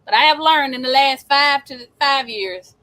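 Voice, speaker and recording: Middle-aged woman co-hosting a stream with her husband, bit higher voice, chimes in with yes lord and preach it. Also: moderate pace, bright, forceful tone, no echo. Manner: emphatic, with churchy affirmations. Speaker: co-host, the host's wife. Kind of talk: casual livestream chat.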